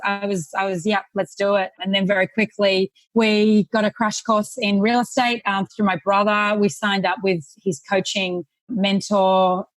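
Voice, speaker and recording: A woman's voice: medium pitch, no echo. A woman in her thirties from Sydney with an Australian accent, a podcast guest talking casually and laughing easily as she tells her story. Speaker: guest, real estate investor. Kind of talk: casual interview conversation.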